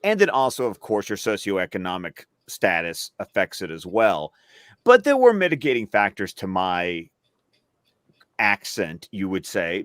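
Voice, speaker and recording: A man's voice: fairly low pitch, fairly bright tone, clear, resonant tone, no echo, studio quality. A man from the US South chatting casually on a panel, rambling through stories in a trained, neutral stage voice. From Alabama, US South. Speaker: film podcast panelist.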